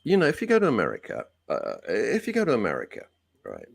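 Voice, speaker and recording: A deep, gravelly man holds forth in a studio, his low voice lurching from growl to sudden high bursts. The tone is husky and close, with no room sound at all. He talks bluntly, like a radio host airing a rant. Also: huge pitch swings, fast talker, no room sound. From Britain. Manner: blunt, ranting, sweeping pitch swings. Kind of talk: opinionated talk radio monologue.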